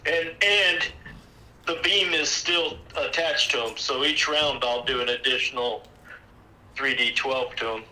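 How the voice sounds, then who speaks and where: A man playing a tabletop game, calmly tallying his dice rolls and damage. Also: medium pitch, unhurried, rough recording. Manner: matter-of-fact, tallies dice rolls. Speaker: player. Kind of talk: casual tabletop game chat.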